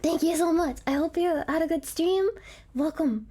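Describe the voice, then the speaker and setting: A woman's voice: extremely high pitch, fairly even intonation, moderate pace, warm tone. A woman streamer chatting casually on a live stream, giggly, rambling and apologetic, with bad hiccups.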